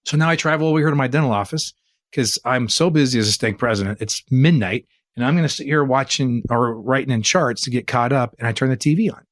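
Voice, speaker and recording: An earnest man from California's Bay Area recounts a story in a conversational interview. He talks in an animated way and keeps asking rhetorical questions. His mid-pitched voice sits dry and close on a podcast mic. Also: fast talker, no room sound. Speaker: interview guest, church leader.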